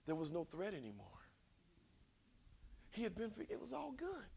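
High-voiced, animated male preacher. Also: normal speed, creaky, pauses often, slight background noise. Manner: swings from hushed whispers to shouted emphasis; conversational, repeats words for emphasis. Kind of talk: sermon.

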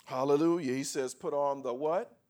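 A man preaching a sermon to a congregation, leading call and response and building from quiet talk to shouted scripture. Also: fairly high pitch, moderate pace. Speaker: pastor. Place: church before a congregation.

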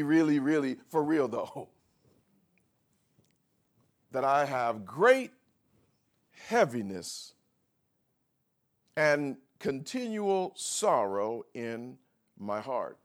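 A man preaching a sermon as pastor, drawing out emphatic words, pausing for effect, and swinging between soft asides and shouted emphasis. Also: medium pitch. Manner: drawn-out emphatic words with pauses.

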